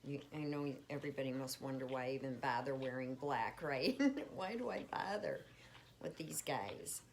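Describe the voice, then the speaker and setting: Casual home vlogger, woman, deep and a bit creaky, faint room hiss. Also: animated, normal speed. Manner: chatty, warm toward her pets, frequent fillers. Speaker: spiritual vlogger. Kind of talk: casual check-in chat. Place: at home with pets.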